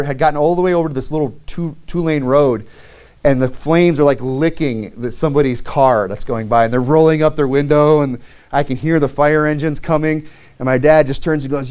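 A man's voice: a little high, brisk, a little mellow, clean tone. A man preaching a sermon through a long personal story, loose and conversational, with many fillers, restarts and wry self-mocking humor.

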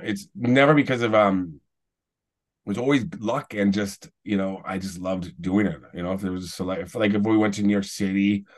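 Casual podcast guest, man in his forties, low voice, loose rambling storyteller. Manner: rambling storyteller, restarts, chuckling asides. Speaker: podcast guest, celebrity YouTuber.

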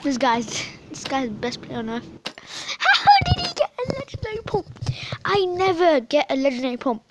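A woman giving excitable, frustrated live commentary on her gameplay, often yelling at opponents. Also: high voice, normal speed, heavy background noise. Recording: voice over game music.

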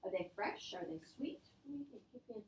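A woman's voice: mid-range voice, lively intonation, fast talker, darkish tone. A woman teaching a Spanish lesson, explaining grammar step by step and mixing English with Spanish words. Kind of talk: online class lesson.

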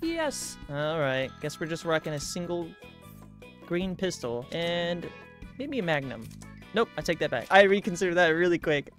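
A man giving let's-play commentary, excitable, gasping and talking to himself as he plays. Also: fairly high pitch, normal speed, soft background music. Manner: excitable, gasps and talks to himself. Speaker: gaming YouTuber.

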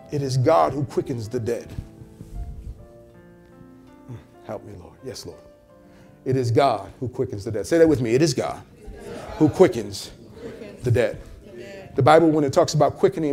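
A man's voice: fairly high pitch, creaky, a little mellow. A male pastor preaching a sermon with passion, repeating phrases and calling out to the congregation. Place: church service in a hotel venue.

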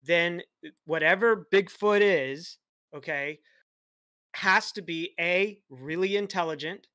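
Male caller, polite and halting, forceful bright tone, dry sound. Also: high voice, no echo. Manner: polite, hesitant with many fillers. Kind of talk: casual chat.

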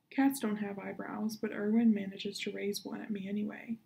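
A woman librarian reading a children's novel aloud in a steady, unhurried storytelling manner. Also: medium pitch, vocal fry, poor audio.

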